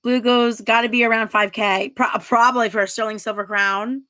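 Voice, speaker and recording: A woman's voice: fairly high pitch, fairly even intonation, fairly quick, bright, forceful tone. A woman in her thirties hosting a casual livestream, reading viewer comments aloud and chatting, giggling often. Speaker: livestream host.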